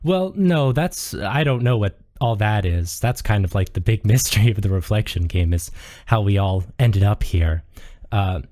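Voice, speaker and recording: A man narrating a tabletop game as game master, relaxed and full of fillers. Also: lowish voice, moderate pace.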